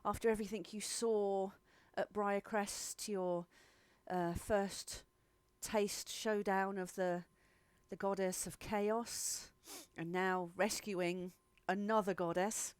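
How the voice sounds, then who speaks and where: A woman's voice: mid-range voice, fairly even intonation, slow, clean tone, no room sound. A woman, narrating and guiding players as game master, with frequent fillers.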